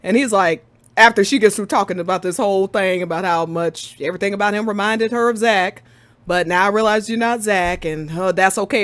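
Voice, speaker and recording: A woman co-hosting a casual game discussion, ranting in an animated, exasperated way and breaking into laughs. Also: medium pitch, a little fast, no room sound. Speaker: podcast co-host.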